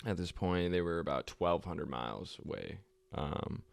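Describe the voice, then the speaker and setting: On his podcast, a young man spins a history tale casually, swearing, wandering off track, and laughing a lot. He speaks at a moderate pace in a low voice with vocal fry, recorded without room sound.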